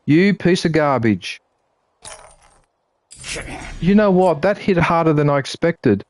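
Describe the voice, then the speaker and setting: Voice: mid-range voice, animated, slow pace, long pauses, a little mellow, dry recording. A streamer giving live commentary while gaming, frustrated and swearing often, talking back at the game.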